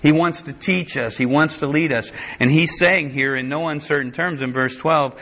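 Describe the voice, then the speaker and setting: Man preaching verse by verse, slightly high voice. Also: moderate pace, few pauses, sharp tone. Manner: reads King James scripture aloud, then explains it plainly; frequent restarts and self-corrections. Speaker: Bible teacher. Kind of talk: verse-by-verse sermon. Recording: dull lo-fi recording.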